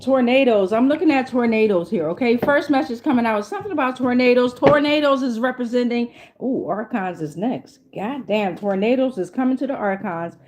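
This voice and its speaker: A woman's voice: on the high side, a little fast, hardly any pauses, a little mellow, slight background noise. Loose, foul-mouthed woman reading tarot. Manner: loose, profane, rambling, laughs often. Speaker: tarot reader. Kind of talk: casual tarot reading vlog.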